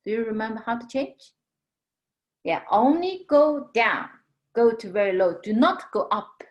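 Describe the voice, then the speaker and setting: A woman teaching a language lesson, patiently explaining tones and drawing out model words slowly. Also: a little high, animated, lo-fi sound. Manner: slow, patient, drawn-out model pronunciations.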